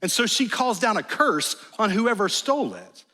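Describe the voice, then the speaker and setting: A man preaching a sermon in a church, animated and jokey, with sudden exclamations. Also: high-pitched, moderate pace. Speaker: pastor. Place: large church sanctuary. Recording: long church hall reverb.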